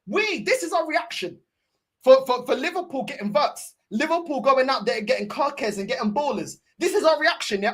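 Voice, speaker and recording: A woman's voice: high voice, lively intonation, normal speed. A woman, ranting angrily and scornfully as a football fan streamer. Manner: angry, sweary, scornful ranting.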